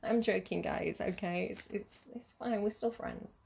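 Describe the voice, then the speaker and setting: A woman's voice: medium pitch, a little slow, gravelly, a little mellow, husky. A woman giving a casual tarot reading, chatty and giggly, rambling with lots of fillers. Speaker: tarot reader.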